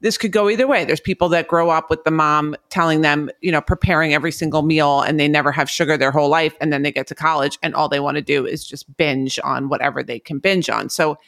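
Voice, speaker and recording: Gravelly-voiced woman doctor giving advice. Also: low-pitched, fairly even intonation, a bit bright, dry recording, studio quality. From Long Island, New York. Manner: thoughtful, measured, hedging with "um" and "you know". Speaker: doctor, podcast co-host. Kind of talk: casual podcast advice chat.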